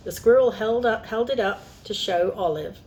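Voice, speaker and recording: A woman's voice: a little high, moderate pace, darkish tone. A young woman reading a picture book aloud, chatting to young listeners between lines. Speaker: storyteller.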